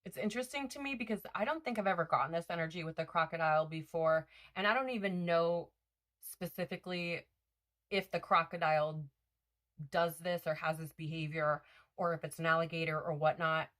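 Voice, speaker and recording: A woman's voice: fairly low pitch, fairly quick, a bit bright. A woman giving a casual spiritual card reading, rambling with lots of fillers and self-corrections. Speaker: tarot reader.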